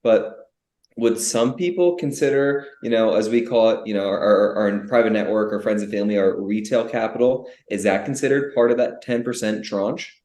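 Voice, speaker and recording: A man's voice: lowish voice, normal speed. Young man asking questions in an echoey room. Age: young adult. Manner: animated, asks rhetorical questions, restarts often. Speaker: podcast co-host. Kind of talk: casual business podcast chat.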